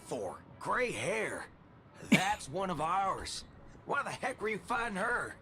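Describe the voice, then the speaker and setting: A man voicing an exasperated young male master character in a sarcastic, lively manner. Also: high-pitched, slow pace, crowd noise, heavily acted.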